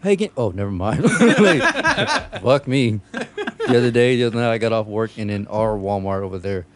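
Animated, joking man telling stories. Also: fairly low pitch, normal speed. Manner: profane storytelling, laughing often. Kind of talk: casual chat among friends.

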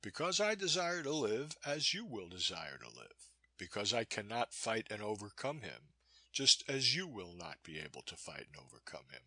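A man reading a weary, resigned man who warns with grave, gentle insistence. The voice is husky yet forceful and bright, with lively swings in pitch, recorded dry and close. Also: moderate pace, no room sound, heavily acted. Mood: insistent. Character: weary, resigned man warning of a cruel captain.

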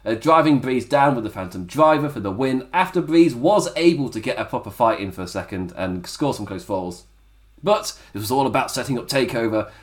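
A man giving a casual recap of a wrestling show, chatty and often laughing at his own jokes. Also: medium pitch.

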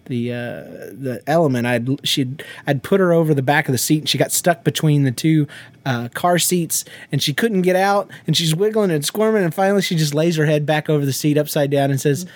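A man's voice: fairly high pitch, a little fast, dry recording. A man, co-hosting a casual podcast and telling stories, acting out quotes and laughing often. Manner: laughing storyteller who acts out quotes and sings nonsense beats. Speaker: podcast co-host. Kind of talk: casual chat.

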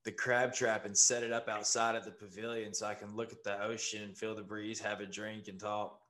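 A man's voice: fairly low pitch, little pitch movement, a little fast, pushed and bright. A man hosting a podcast from home, chatting casually, swearing freely and calling his guest "bro". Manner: laid-back, swears freely, says "bro" a lot. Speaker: podcast host. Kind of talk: casual chat.

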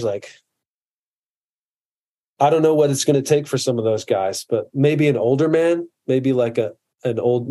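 A man in his forties speaks in a mellow, darker voice at an ordinary middle pitch. He talks earnestly in a casual podcast chat and often breaks off and restarts his sentences. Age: 40s.

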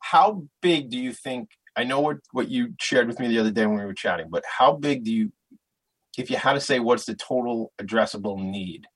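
A man's voice: mid-range voice, expressive, a little fast, breathy edge, no echo. A man from Long Island hosting an interview show, thinking aloud and getting impassioned. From Long Island, New York. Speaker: show host. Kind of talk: casual interview.

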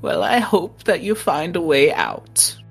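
A woman's voice: lowish voice, unhurried, gravelly, breathy edge, soft background music, voice pushed up, full character voice. A woman voicing a sly, sickly sweet old hag granny who calls everyone dearie. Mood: sugary scheming.

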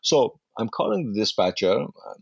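Male guest, husky voice, animated storyteller, dry close sound. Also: fairly low pitch, normal speed, no room sound, lo-fi sound. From Iran. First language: Farsi. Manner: animated anecdotes with acted-out dialogue. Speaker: interview guest, actor. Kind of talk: casual storytelling.

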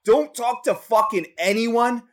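A man co-hosting a podcast, chatting crudely and profanely with loud bursts of laughter. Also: very high voice, a little slow. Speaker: podcast co-host. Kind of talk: crude casual chat.

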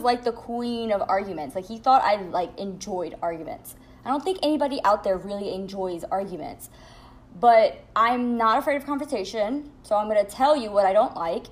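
A woman's voice: mid-range voice, animated, normal speed. A young woman hosting a casual podcast from home, telling a story bluntly and candidly, with plenty of swearing. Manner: blunt, profane, candid venting. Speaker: podcast host.

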